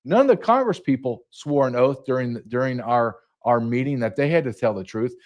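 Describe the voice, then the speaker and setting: A middle-aged man speaks as a podcast guest, indignant and emphatic as he tells his story. His voice sits at a mid pitch. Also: expressive, brisk. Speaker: guest, retired border patrol agent. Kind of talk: heated podcast interview.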